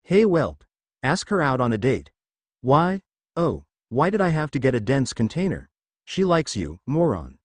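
A man's voice: medium pitch, very animated, measured pace, no echo. A man voicing a grumpy male dragon spirit who scornfully scolds his host. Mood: scolding. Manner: scornful, calls others whelp and moron.

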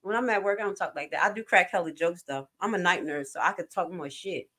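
A woman chatting casually on a livestream in slangy, animated, jokey talk with some swearing. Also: fairly low pitch, fast. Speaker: night nurse and commentary streamer.

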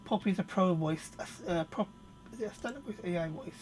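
A man reviewing software in a casual, off-the-cuff demo, thinking aloud with quick asides. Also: high voice, music in the background. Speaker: product reviewer.

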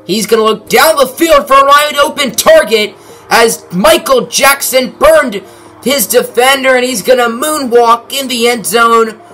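Young male gaming host calling the action like a sportscaster; higher, bright voice with dry humor, faint music under it. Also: measured pace. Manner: mock sportscaster delivery with dry asides. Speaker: gaming commentator. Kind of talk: play-by-play game commentary.

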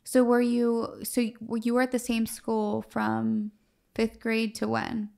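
Gravelly-voiced woman podcast host. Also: on the high side, completely flat delivery, a little slow, darkish tone. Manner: short backchannels and follow-up questions. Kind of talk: casual interview.

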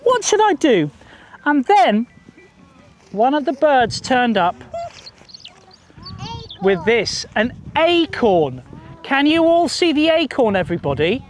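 A man telling stories to a group of children in a park, in a lively sing-song way, coaxing them to join in. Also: very high voice, slow pace, long pauses. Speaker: children's storyteller. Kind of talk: storytelling to children outdoors. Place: outdoors in a park.

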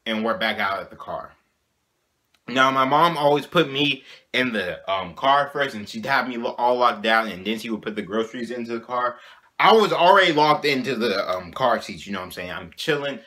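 A young man telling a childhood story in a casual vlog, animated and slangy, often checking in with "you know what I'm saying". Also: mid-range voice, moderate pace. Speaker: vlogger.

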